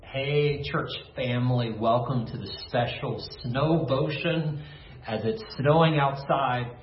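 A man's voice: medium pitch, slow pace. A man preaching a sermon as pastor, telling stories in a folksy, conversational way. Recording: echoey room, slightly dull sound.

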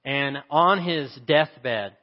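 A man's voice: a little high, very slow. Man preaching in a dull echoing hall. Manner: preaching with rising emphasis and rhetorical questions. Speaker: pastor. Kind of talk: sermon. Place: church sanctuary.

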